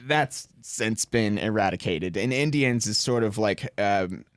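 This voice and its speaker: A man's voice: lowish voice, lively intonation, measured pace, clean tone, dry recording, clean studio sound. A young man in a casual radio panel chat, musing aloud and restarting his sentences often.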